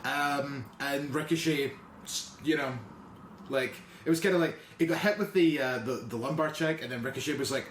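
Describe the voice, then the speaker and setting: A man's voice: mid-range voice, normal speed. A man hosting a casual podcast chat, rambling and swearing freely as he retells stories. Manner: rambling, swearing, acts out quotes. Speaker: podcast host. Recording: roomy with faint noise.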